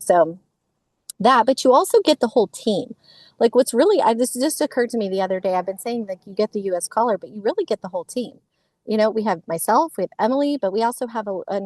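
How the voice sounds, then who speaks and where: A woman guest on a casual live-stream interview, explaining her business in a brisk, upbeat way. Her voice sits at a middle pitch. It is recorded dry and close, with no room around it. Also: a little mellow, no room sound.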